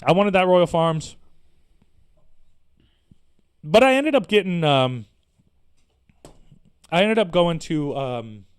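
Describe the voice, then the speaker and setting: A man hosting a podcast, delivering an animated, profane, sarcastic rant in casual slangy talk. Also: a little high, takes it slowly, pauses often, clean tone. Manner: animated, profane, exasperated ranting. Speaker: podcast host. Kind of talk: casual ranting monologue.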